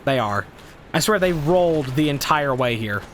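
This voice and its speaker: A man's voice: fairly high pitch, expressive, normal speed, a little hiss or hum. Profane, frustrated man streaming a game. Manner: profane, exasperated, ranting at enemies. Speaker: streamer playing a video game. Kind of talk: live gameplay commentary.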